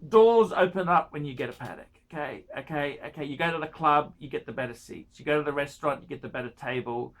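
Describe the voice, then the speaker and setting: A man's voice: a little high, quick pace, few pauses. A man giving watch-buying advice in a casual rant, pushy and pleading, repeating himself and throwing in crude jokes.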